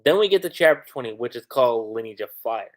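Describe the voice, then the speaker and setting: A man reviewing an anime episode on a livestream, recapping scenes in an excitable, slangy way. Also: mid-range voice, fast.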